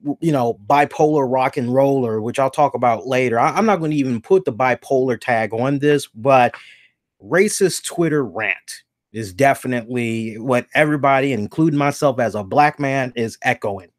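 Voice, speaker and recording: A man's voice: mid-range voice, moderate pace, no echo, clean studio sound. A man hosting a casual commentary show, talking bluntly and animatedly and swearing freely, hiccuping a little after some beer. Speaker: podcast host.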